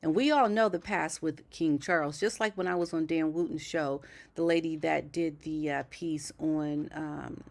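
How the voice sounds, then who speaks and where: A woman's voice: deep voice, steady tone, normal speed, gravelly, hardly any pauses, darkish tone. A woman hosting a casual commentary livestream, chatting with viewers in the chat and often checking in with "okay?". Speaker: livestream host.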